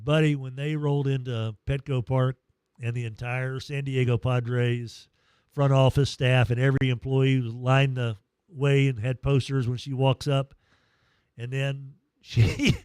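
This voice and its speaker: A man hosting a morning sports radio show, telling stories in a lively, emotional, self-deprecating way into a studio mic. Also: medium pitch, smooth, dry recording. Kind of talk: casual morning radio chat.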